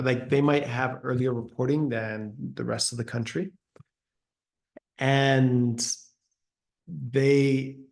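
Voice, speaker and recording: A man walks through charts in a webinar presentation. His voice has a gravelly edge. He talks with frequent fillers and restarts, speeding up and slowing down as he thinks. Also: mid-range voice. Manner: hesitant, many fillers and restarts, uneven pace. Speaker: presenter on trade data.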